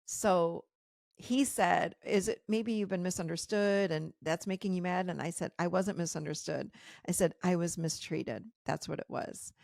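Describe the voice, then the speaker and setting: Middle-aged female podcast host, low gravelly voice, candid storytelling with quoted dialogue, dry close sound. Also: moderate pace, darkish tone, no echo. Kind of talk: personal storytelling.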